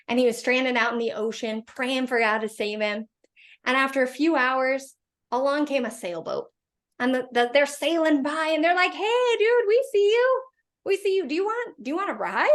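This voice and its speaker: A woman giving a faith-based motivational talk to women, telling a story and acting out the voices in it. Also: high voice. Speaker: host.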